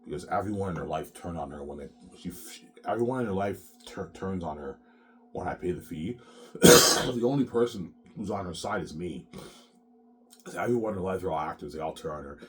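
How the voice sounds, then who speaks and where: Man, very low voice, sick and coughing, rambling profane monologue, faint hiss behind. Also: animated, a little fast. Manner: profane, repetitive, keeps saying "man". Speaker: solo show host.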